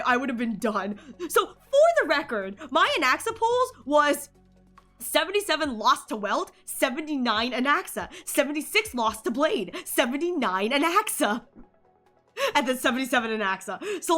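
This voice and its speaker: A woman live-streaming, chatting casually and rambling excitedly over her game pulls, while sick. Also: high voice.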